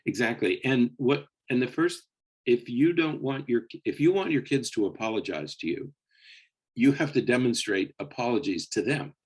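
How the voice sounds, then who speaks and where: A man's voice: mid-range voice, animated, moderate pace, breathy edge. A man co-hosting a psychology podcast, explaining patiently and checking in with listeners in a conversational way.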